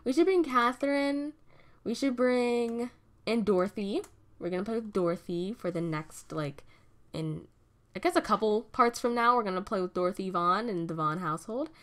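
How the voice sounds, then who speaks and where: A medium-pitched, slightly bright female voice at normal speed. She's a young gaming host doing relaxed let's-play commentary, chatty and giggly, laughing often at events in the game.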